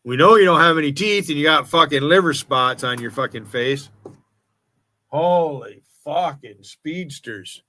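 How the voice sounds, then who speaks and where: With a voice on the high side, pushed and bright, he keeps a measured pace and there's no echo. He's a sixty-something American man, venting a profane, combative rant on his livestream.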